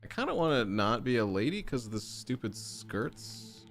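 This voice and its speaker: A man giving casual gameplay commentary as a streamer, chatty and breaking into excited oohs as he browses options. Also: mid-range voice, normal speed, faint music behind. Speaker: gaming streamer.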